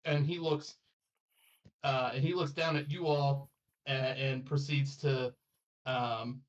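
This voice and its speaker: A man's voice: mid-range voice, little pitch movement, slow pace, distant mic, highs cut off. A man running a tabletop game as game master, rambling and laughing as he describes the scene. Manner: laughs often, loose and rambling.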